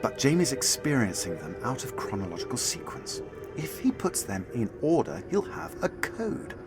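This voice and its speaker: An actor playing a military officer taken over by a menacing presence, in an audio drama. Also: male voice, medium pitch, sing-song, moderate pace. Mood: cold menacing. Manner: pleading, then cold and commanding. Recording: loud music score under the voice.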